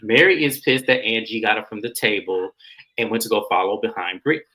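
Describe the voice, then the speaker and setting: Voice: mid-range voice, a little fast, bright, forceful tone, poor audio. A vlogger giving a casual, slangy recap of a reality TV episode, acting out what the cast said. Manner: chatty, acts out quoted lines in shifting voices; slangy, informal phrasing. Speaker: recap reviewer.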